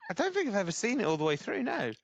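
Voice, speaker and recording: Teasing, quizzical man, slightly high. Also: wildly swooping pitch, very fast, highs cut off. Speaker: podcast co-host. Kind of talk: casual chat.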